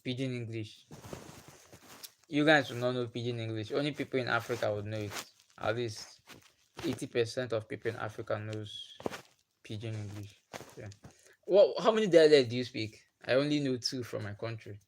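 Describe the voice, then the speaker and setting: A man's voice: mid-range voice, moderate pace, long pauses, slight background noise. A young man from Nigeria with a Nigerian accent, whose first language is Igbo, chatting casually with viewers on his livestream and repeating himself often. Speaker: livestream host.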